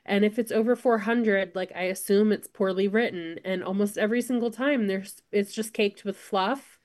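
A woman's voice: mid-range voice, moderate pace, darkish tone. A woman co-hosting a casual book chat podcast, opinionated and full of "like" fillers. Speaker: podcast co-host.

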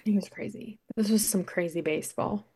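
A woman co-hosting a podcast in casual chat, animated and saying "like" a lot. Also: lowish voice, fairly quick, slightly rough. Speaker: podcast co-host.

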